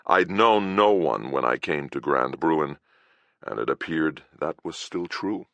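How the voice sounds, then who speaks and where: A man's voice: very deep voice, animated, a little slow, gravelly, fairly bright tone, no echo, muffled recording. A man reading a fantasy detective novel aloud in a dry, wry first-person narration. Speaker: audiobook narrator.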